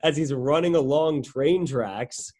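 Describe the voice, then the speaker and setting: A young man co-hosting a casual podcast, telling a story in a lively way and acting out what people said. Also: a little high, takes it slowly. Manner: animated, swears casually, acts out quotes. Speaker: podcast co-host.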